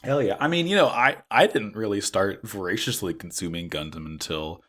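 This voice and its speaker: Hoarse, excitable male podcast host. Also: fairly low pitch, moderate pace. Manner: excitable, animated. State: hoarse, recovering from illness. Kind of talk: casual podcast chat.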